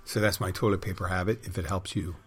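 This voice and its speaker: A man's voice: sits low, fairly even intonation, fast, slightly rough, soft background music. A middle-aged man rambling through a casual monologue, with wry, digressive, crude humor.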